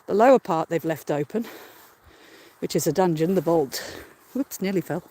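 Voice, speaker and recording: Out of breath on a hill beside a ruined castle, an Australian host rambles casually during a walking live stream, holding the phone and laughing often. The voice is medium-pitched with a dark tone, lively intonation and a moderate pace.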